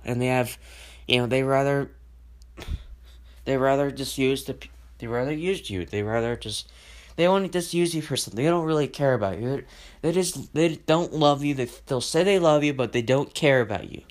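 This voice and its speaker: A man hosting his own podcast, talking alone in a rambling, emotional way, full of restarts and fillers as he vents. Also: medium pitch. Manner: emotional and venting. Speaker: podcast host. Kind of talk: solo podcast monologue.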